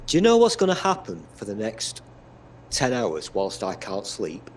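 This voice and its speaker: Man, from Britain, low voice, lively pitch, swearing, mock-boastful banter, faint background hiss. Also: normal speed. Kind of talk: casual chat.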